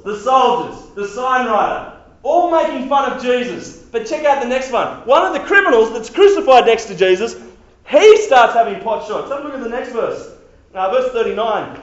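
A man giving a sermon to young people, animated and casual, repeating himself and acting out quotes. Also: very high-pitched. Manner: animated, repetitive, casual slang, acts out quotes. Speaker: youth preacher. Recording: very echoey hall, dull sound.

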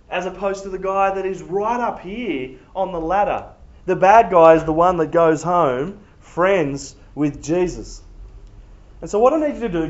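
A man preaching a sermon in an emphatic, conversational way. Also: on the high side. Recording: echoey, dull room recording.

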